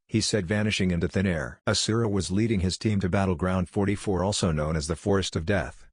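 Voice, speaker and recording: A man narrating a fan story aloud with a plain, even delivery. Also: low-pitched, brisk, hardly any pauses, husky, no echo, clean studio sound.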